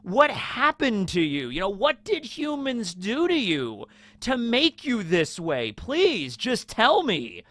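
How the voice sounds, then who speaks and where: A man's voice: high-pitched, huge pitch swings, slow, fairly bright tone, dry recording, pitched above the performer's own voice, full character voice. A man voicing a pleading, indignant merman prince. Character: grieving enraged young merman prince.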